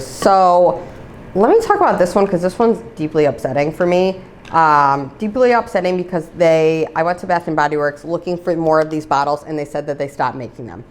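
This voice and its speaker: Low-voiced woman chatting casually on her vlog, rambly, lots of "like", gets worked up. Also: a little hiss or hum. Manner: chatty, rambling, many "like" fillers; gets heated and exasperated over discontinued products. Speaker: vlogger reviewing used-up products. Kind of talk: casual chat.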